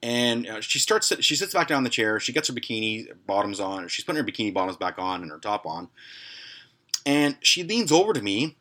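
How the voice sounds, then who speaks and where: A podcast host spins a crude, profanity-laced story in a loose, casual monologue. His mid-pitched male voice swings widely, leaping up in pitch and volume when he acts out his own outbursts. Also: brisk. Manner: crude and heavily profane, animated retelling; jumps higher and louder when acting out his own angry lines.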